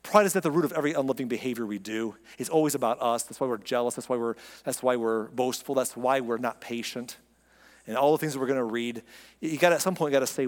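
A man's voice: mid-range voice, fast. Pastor, male, chatty sermon delivery with acted-out asides, reverberant room. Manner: conversational, acts out quoted voices. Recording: long hall reverb.

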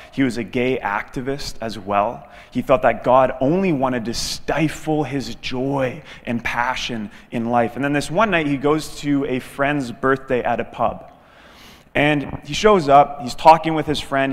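A man preaching a sermon as guest pastor, telling a story with lively delivery and acting out the quoted dialogue. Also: mid-range voice, in a large hall.

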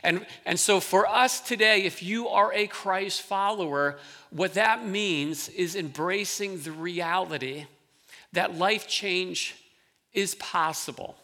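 A man's voice: high-pitched, slow pace, pushed and bright. A man, a pastor, preaching a sermon in a conversational style, often restarting phrases as he explains a scripture passage. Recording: long hall reverb.

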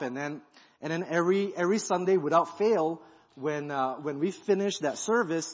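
A guest pastor, a man, giving an animated sermon testimony and acting out the thoughts he is retelling. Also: a little high, slightly rough. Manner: animated storytelling, acts out quoted thoughts. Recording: dull sound in a reverberant hall.

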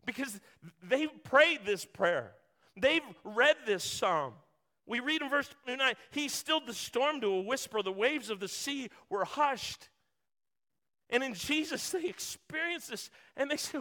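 A man's voice: high-pitched, animated, a little slow, pushed and bright. A man preaching a sermon, earnest and building through repetition, acting out short quotes. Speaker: pastor.

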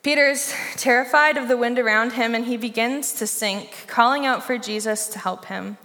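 A woman's voice: on the high side, normal speed, bright, forceful tone. A young woman preaching a sermon in a conversational way, turning often to rhetorical questions for her listeners. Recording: long reverb of a large hall.

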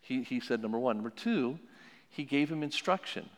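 A man's voice: mid-range voice, moderate pace. Man preaching in a reverberant hall. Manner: animated storytelling, repeats key phrases. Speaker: pastor teaching on parenting. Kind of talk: sermon-style teaching talk.

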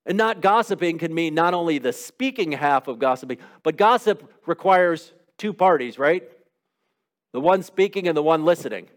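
A man's voice: on the high side, expressive, normal speed. A middle-aged man preaching a sermon in a conversational way, asking rhetorical questions and acting out little quotes. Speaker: pastor.

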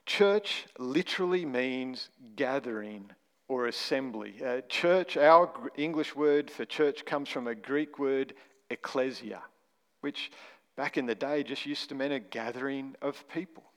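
A man's voice: medium pitch, measured pace, fairly bright tone. A man preaching a sermon, stressing single words and asking rhetorical questions. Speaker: pastor. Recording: long hall reverb.

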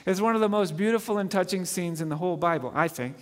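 Guy preaching a sermon, pretty high voice, earnest, lots of reverb. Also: fast talker. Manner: earnest, swells and drops in volume, asks the listeners questions.

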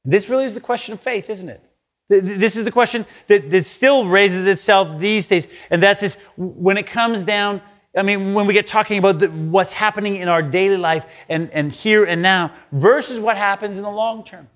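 High-voiced man preaching conversationally. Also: normal speed, a bit bright. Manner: conversational preaching, acts out quoted lines. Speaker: pastor. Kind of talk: sermon.

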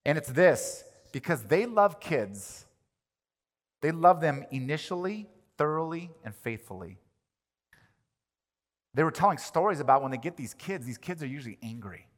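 A male pastor delivering a sermon, animated, swinging from loud emphatic lines to quiet ones. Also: fairly high pitch, moderate pace. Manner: animated, rises and drops in volume for emphasis. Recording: long reverb of a large hall.

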